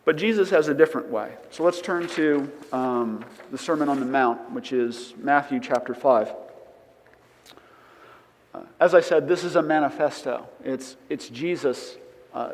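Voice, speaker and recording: A man's voice: mid-range voice, unhurried, long reverb tail, low-quality recording. A man giving a conversational sermon to his church, often checking in with "right?" as he teaches. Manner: conversational, frequent "right?" tags. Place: church sanctuary.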